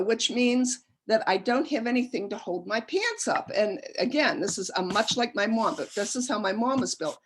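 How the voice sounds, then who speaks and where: A woman's voice: medium pitch, slightly rough. A middle-aged woman giving a humorous lecture, chatty and self-deprecating, breaking into laughter as she tells personal stories.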